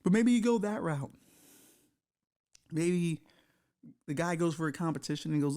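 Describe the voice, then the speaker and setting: A man's voice: fairly high pitch, expressive, moderate pace, long pauses, dark tone. A middle-aged man hosting a podcast, delivering a crude, rambling, self-mocking comedic monologue. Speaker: podcast host.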